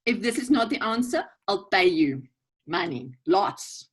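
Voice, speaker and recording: A woman's voice: fairly high pitch, normal speed, husky, rough recording. A woman with a South African English accent giving a casual, joking coaching talk at a virtual networking event, checking in often with "okay?" and "right?". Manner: lively, joking, direct with frequent "okay?" and "right?". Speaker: guest speaker at a networking event. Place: virtual event, video call. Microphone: video call.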